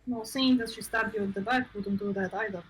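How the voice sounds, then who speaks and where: A woman's voice: medium pitch, fairly even intonation, a little fast, slight background noise, rough recording. A woman player in a tabletop game, chatting casually with sassy remarks.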